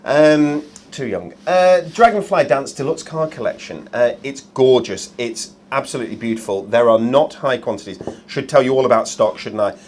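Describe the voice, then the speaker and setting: A man's voice: medium pitch, expressive, moderate pace, few pauses, darkish tone, slight background noise. A man hosting a live shopping show, chatty and jokey with plenty of ums.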